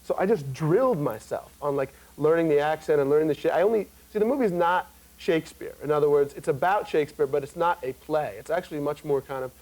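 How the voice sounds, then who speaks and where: A man's voice: fairly high pitch, fast, few pauses, low-quality recording. Joking young man in a talk show interview. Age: 20s. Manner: joking, animated storytelling with many fillers. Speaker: guest actor. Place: TV studio before an audience.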